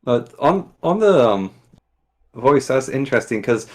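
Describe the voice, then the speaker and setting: A man appearing as a guest in a casual chat, talking in a relaxed, rambling way with frequent fillers. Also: medium pitch, measured pace. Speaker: guest YouTuber.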